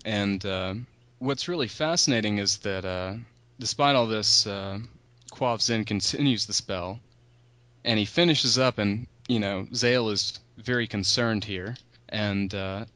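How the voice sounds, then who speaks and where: Bright-voiced man, animated storyteller. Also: a little slow, dry recording. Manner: animated, acts out characters' lines with raised pitch. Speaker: podcast host. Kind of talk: casual retelling of a book's story.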